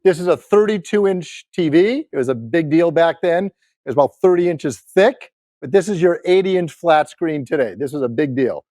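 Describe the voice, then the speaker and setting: Energetic man giving a sales keynote. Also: moderate pace, dry recording. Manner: high-energy, rallying the crowd with questions. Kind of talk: motivational keynote to a live audience.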